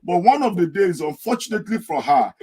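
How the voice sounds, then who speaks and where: A man's voice: high-pitched, sing-song, fairly quick, mellow, husky, low-quality recording. Earnest man giving advice. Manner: earnest, storytelling, acts out a wailing wife. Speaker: guest speaker. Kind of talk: podcast discussion. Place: United Kingdom.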